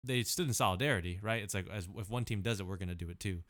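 A man co-hosting a podcast in casual, slangy chat, laid-back and quick to laugh. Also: lowish voice, a bit bright, no room sound, studio quality. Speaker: podcast co-host.

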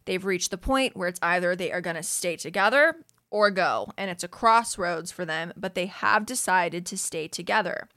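A woman's voice: on the low side, normal speed, sharp tone, no echo, clean studio sound. A young woman hosting a podcast, chatting casually, with lots of "like", frequent laughs and easy swearing. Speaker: podcast host recapping a reality show. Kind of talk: casual chat.

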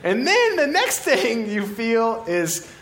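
A man preaching a sermon in a church, playful and animated, laughing as he acts out scenes. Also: very high voice, slow, crowd noise. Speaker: pastor.

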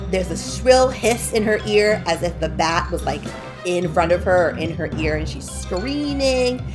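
Female storyteller, lower register, relaxed conversational retelling, light music underneath. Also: moderate pace. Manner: chatty, loose, full of "like" and "kinda".

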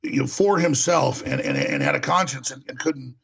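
Man, talk host, raspy husky voice, impassioned ranting monologue, repeats words for emphasis. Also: mid-range voice, wildly swooping pitch, normal speed, a bit bright.

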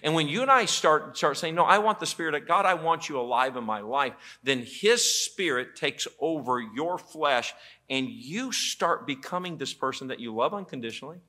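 Bright-voiced male pastor preaching. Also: a little high, moderate pace. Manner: animated storytelling with quoted voices. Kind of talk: sermon. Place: church auditorium.

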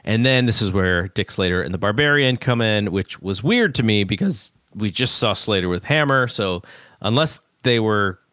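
A man with a low voice reviews an old wrestling show in casual podcast talk. He hesitates often and fills his pauses, and his voice sounds dry and close to the mic. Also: lively intonation, fairly bright tone, no room sound. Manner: hesitant recap with many fillers. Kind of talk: casual episode review chat.

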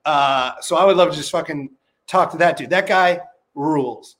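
A man with a high voice talks in a loose, rambling way, swearing freely and padding his stories with "like" and "uh". He sounds like a guest on a casual podcast chat. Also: normal speed, fairly bright tone. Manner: rambling, profane storytelling with lots of fillers.

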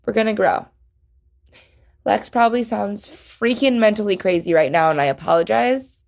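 Gravelly-voiced young woman rambling emotionally. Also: mid-range voice, a little mellow. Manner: rambling, halting, lots of fillers. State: emotional, close to tears. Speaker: podcast host. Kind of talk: casual solo podcast chat.

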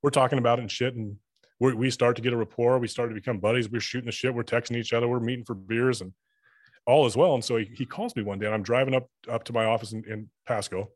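A man's voice: medium pitch, steady tone, quick pace, no room sound. A man chatting as a podcast guest, telling rambling, profane stories and acting out dialogue. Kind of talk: casual storytelling chat.

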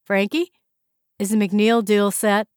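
A woman's voice: mid-range voice, little pitch movement, slow pace, clean tone, no echo, studio quality, lightly acted. A woman voicing a confident, upbeat young male real estate boss giving orders to his agents. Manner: upbeat, commanding.

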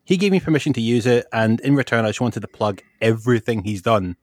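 A man's voice: mid-range voice, fast talker, no room sound. Laid-back scottish guy chatting as a podcast guest, dry close sound. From Scotland. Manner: easygoing, relaxed, rambling. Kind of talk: casual podcast chat.

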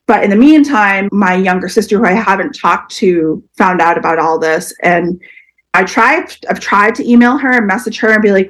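A woman's voice: mid-range voice, moderate pace. A woman in her forties, a podcast guest, telling a personal story openly and with feeling. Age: 40s. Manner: open, emotional, quotes people in lively voices.

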